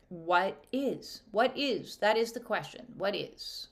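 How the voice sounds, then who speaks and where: A woman's voice: medium pitch, expressive, slow pace, hardly any pauses, sharp tone. A woman speaking as an intuitive counsellor, giving a heartfelt spiritual guidance talk with emphatic repetition.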